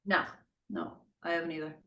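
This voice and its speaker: A middle-aged woman recalling her college rugby days, telling stories in a relaxed, unhurried way. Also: low-pitched, low-quality recording. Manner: relaxed, unhurried storytelling, drops softer at line ends. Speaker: interview guest, former college rugby player. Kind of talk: casual reminiscing conversation.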